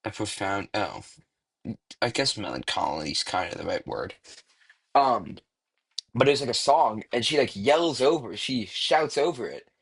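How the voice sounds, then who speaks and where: Rambling, husky young man. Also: on the low side, big pitch swings, unhurried, fairly bright tone. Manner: rambling, swears freely, frequent fillers. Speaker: commentary YouTuber. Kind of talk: casual commentary.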